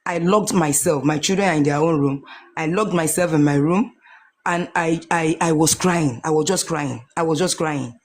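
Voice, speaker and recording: A woman's voice: deep voice, moderate pace, breathy edge. Earnest Nigerian woman telling her story. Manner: earnest, repeats phrases, restarts often. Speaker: guest sharing a testimony. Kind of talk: emotional personal testimony.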